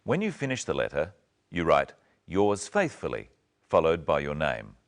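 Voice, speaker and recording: Deep-voiced man teaching clearly. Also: huge pitch swings. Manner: slow, clear teaching delivery. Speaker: presenter. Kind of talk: scripted language-lesson narration.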